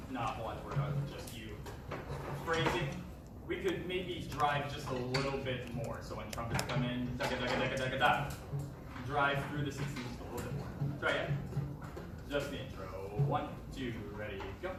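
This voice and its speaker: A man's voice: mid-range voice, moderate pace, loud music behind the voice. A man leading a band rehearsal, giving encouraging instructions, counting the players in and singing their parts. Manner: encouraging, counts in and sings passages. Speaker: band director. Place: large echoey rehearsal room. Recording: echoey room from far off, noisy.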